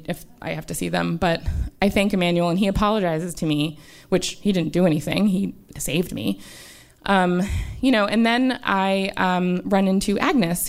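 Woman telling a story, gravelly edge. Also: on the low side. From United States. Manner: earnest and conversational, with many "um" and "like" fillers. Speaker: doctor telling a personal story on stage. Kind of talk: live first-person storytelling. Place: small live-show stage before an audience.

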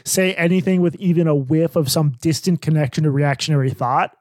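A man's voice: on the high side, steady tone, brisk, a little mellow, no room sound, clean studio sound. A man co-hosting a podcast in casual chat, rambling and sarcastic, often cutting himself off mid-sentence. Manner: rambling, self-interrupting and sarcastic. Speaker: podcast co-host.

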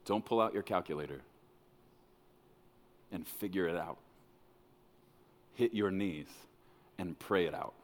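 A man preaching a sermon as pastor, dramatic, swinging between loud bursts and hushed lines. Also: low voice, unhurried, pauses often. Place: church hall. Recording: long reverb of a large hall.

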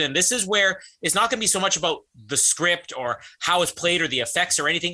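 An Australian man co-hosting a podcast, talking with eager, rambling enthusiasm. His voice is very bright and a little high, and the recording is close and clean. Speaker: podcast co-host. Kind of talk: casual chat.

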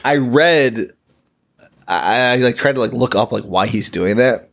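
A man's voice: medium pitch, measured pace, gravelly, fairly bright tone. A man co-hosting a casual horror movie podcast, making sardonic, emphatic points and swearing freely. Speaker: podcast co-host.

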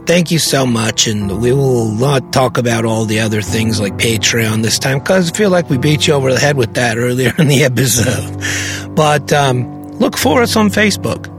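Male podcast co-host, lively and giggly, casual chat, music playing underneath. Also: mid-range voice, normal speed. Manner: giggly, animated, laughs often.

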